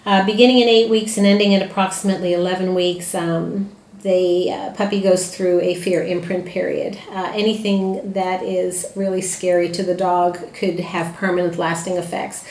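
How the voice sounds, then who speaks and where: A dog trainer and breeder gives plainspoken advice to puppy owners in an informal talk, with frequent "uh" fillers and restarts. Her voice is on the low side, flat and a little mellow at a moderate pace, in a roomy-sounding space.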